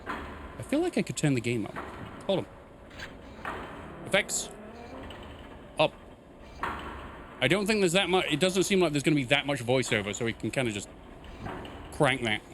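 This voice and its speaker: A man's voice: fairly high pitch, animated, normal speed, long pauses, background noise. A man streaming a game live, making wry, joking asides as he plays. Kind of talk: live gameplay commentary. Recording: game music playing loudly behind.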